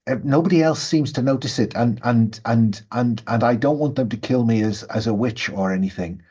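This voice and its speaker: A man voicing a timid, frightened female servant in a tabletop game; she stammers, repeats her words and keeps her voice hushed. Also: medium pitch, normal speed, husky, lightly acted. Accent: Saxon-accented, as a stranger in the village. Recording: dull lo-fi sound.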